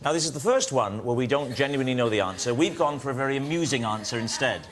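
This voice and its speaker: A man's voice: mid-range voice, lively intonation, fast talker. A man on a TV quiz panel, joking in a mock-pedantic, theatrical way. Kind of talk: comedic banter. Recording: noisy TV studio.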